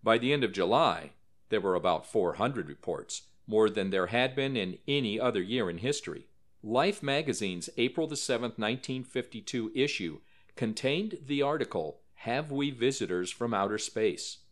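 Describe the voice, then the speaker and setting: A man's voice: lowish voice, animated, normal speed. A man narrating a documentary-style story in a scripted, dramatic way, lifting his voice for quoted lines.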